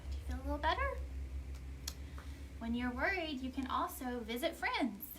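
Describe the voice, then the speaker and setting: A woman children's librarian reading a picture book aloud at storytime, with an animated, sing-song delivery. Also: high voice, normal speed, a little hiss or hum. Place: library storytime recorded at home or library.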